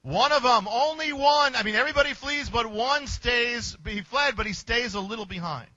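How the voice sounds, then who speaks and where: A man preacher with a high, bright, forceful voice tells a story in short, emphatic bursts. The sound is dry and close, with a dull, lo-fi tone. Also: moderate pace, dry recording. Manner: vivid, emphatic retelling in short punchy phrases. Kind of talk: dramatic sermon storytelling.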